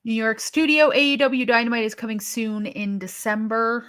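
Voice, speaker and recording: A woman's voice: on the high side, fairly even intonation, moderate pace, fairly bright tone. A woman co-hosting a wrestling live stream, chatting casually and thinking aloud with sighs and restarts as she reacts to viewer comments.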